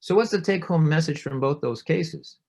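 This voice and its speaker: A middle-aged doctor talks an audience through real cases in a relaxed, conversational presentation. He tells each story vividly, lifting his voice when he plays the people in it. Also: fairly quick, gravelly. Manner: storytelling, acts out quoted voices with rising pitch. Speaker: physician giving a public talk.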